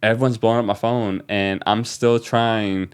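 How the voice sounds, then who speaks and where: Low smooth-voiced guy from new orleans, excited podcast story, lots of ums. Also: normal speed. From New Orleans, USA. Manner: animated, excited retelling with fillers. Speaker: guest DJ. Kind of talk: casual storytelling.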